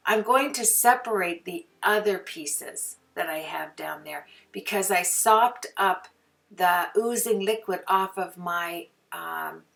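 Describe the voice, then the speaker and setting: A woman's voice: lowish voice, gravelly, fairly bright tone, distant mic. A woman hosting a casual craft tutorial, chatting to viewers and talking to herself as she works. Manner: chatty, talks to herself while working. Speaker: crafting video host.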